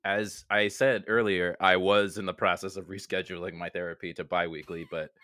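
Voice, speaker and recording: A man co-hosting a casual comedic podcast, talking in halting, self-deprecating bursts full of restarts. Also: low voice, level tone, sharp tone, dry recording. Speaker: co-host.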